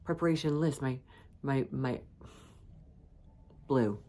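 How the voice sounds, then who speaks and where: Woman, podcast host, low voice, playful, self-teasing, casual solo chat. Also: takes it slowly. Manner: playful, self-teasing, bursts of high animated emphasis.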